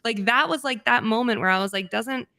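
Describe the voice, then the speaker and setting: A woman's voice: on the high side, quick pace, pushed and bright, dry recording, studio quality. A woman hosting a casual podcast interview, frank and emphatic, swearing freely. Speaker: podcast host.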